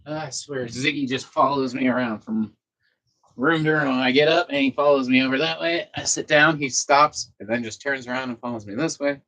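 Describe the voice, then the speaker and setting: A man talks loosely to his viewers from home, as casual chat. He rambles and restarts his thoughts, and he drops a curse here and there. His pitch sits in the middle. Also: normal speed, rough recording. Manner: rambling, relaxed, swears casually. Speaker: vlogger. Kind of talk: casual chat to viewers while doing chores. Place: apartment at home.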